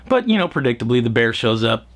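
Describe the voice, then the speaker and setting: A man's voice: medium pitch, fairly bright tone. Rambling sarcastic male movie reviewer. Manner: rambling, sarcastic, exasperated asides; profane, mocking quoted voices. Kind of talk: casual spoken film review.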